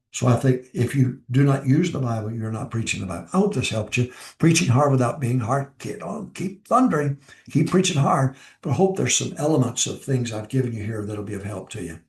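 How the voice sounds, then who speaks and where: A man's voice: medium pitch, a little mellow, reverberant. Older preacher man, repeating his points. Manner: repeats key lines for emphasis. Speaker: pastor giving ministry advice. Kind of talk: informal preaching talk.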